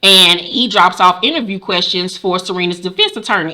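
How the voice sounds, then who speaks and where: A woman recapping a TV episode in casual, profane, sassy commentary, acting out the characters' lines in quick voices. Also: on the low side, expressive, bright, forceful tone. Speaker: show recap host.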